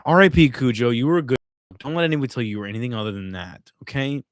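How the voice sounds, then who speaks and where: A man's voice: mid-range voice, rapid-fire, dry recording, clean studio sound. A man hosting a casual live stream from home, swearing freely and a little drunk as he rants. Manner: profane, animated ranting. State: tipsy from drinking. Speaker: streamer host.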